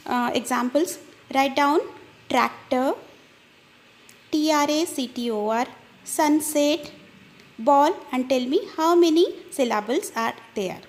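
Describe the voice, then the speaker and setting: A woman teacher giving a grammar lesson to children, spelling words out letter by letter and explaining each step. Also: high voice.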